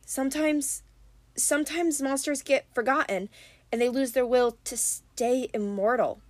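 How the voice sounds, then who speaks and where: A woman reading an audiobook, voicing a timid teenage satyr boy who speaks weakly and hesitantly, a bit higher than her narration. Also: fairly even intonation, unhurried, no room sound. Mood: gentle sad. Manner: weak, hesitant.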